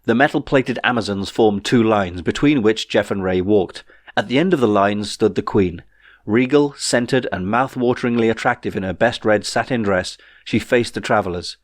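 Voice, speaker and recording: A man narrating his own novel in a wry, measured storytelling way. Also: fairly low pitch, no echo, studio quality. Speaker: author reading his novel. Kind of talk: audiobook narration.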